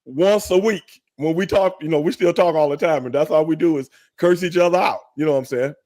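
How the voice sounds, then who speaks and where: An older man telling a story in casual chat, animated, acting out quotes and cursing freely. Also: fairly high pitch, brisk. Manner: animated, acts out quotes, curses freely, laughs. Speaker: storyteller guest, former wrestler.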